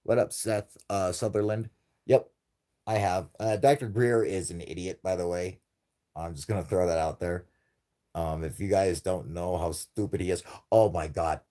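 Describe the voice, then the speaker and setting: A man's voice: sits low, steady tone, moderate pace, dark tone. A young man hosting a UFO live stream, swearing a lot and mocking people in a casual rant. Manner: profane, mocking, laughs often, does exaggerated voices when quoting. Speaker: UFO channel host.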